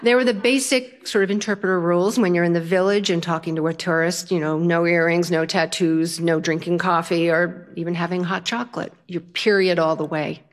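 A woman's voice: on the low side, brisk, hardly any pauses. Older woman telling a humorous story. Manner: lively, humorous, self-mocking. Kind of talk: stage storytelling.

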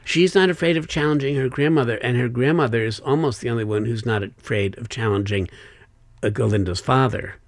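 This older man is an author guest in a conversational interview. His medium-pitched voice moves briskly with no room sound, and he comes across as thoughtful, wry and expansive.

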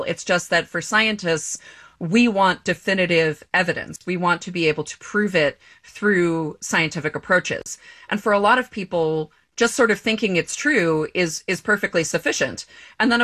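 A woman astronomer answering interview questions in a relaxed, conversational way, with fillers and some laughter. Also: fairly low pitch. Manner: laughs while talking, many fillers. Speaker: astronomer guest.

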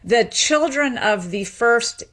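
A middle-aged woman from Memphis, a sociolinguist, explaining things in a radio interview in a lively manner with frequent "you know" fillers. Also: a little high, slow. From Memphis, Tennessee. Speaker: sociolinguist guest.

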